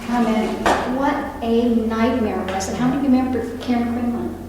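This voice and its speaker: Her voice is fairly high and her delivery brisk as she, a nurse older than sixty-five, gives an earnest talk to a library meeting room audience, tossing out asides and questions to listeners. Background noise is present, and a far-off mic captures the echoey hall.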